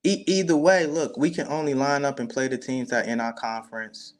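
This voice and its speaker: A man's voice: mid-range voice, steady tone, a little fast. Chicago-accented man, mid-range voice, proud team fan. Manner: proud, boastful about his team. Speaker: guest fan. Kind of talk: casual sports talk.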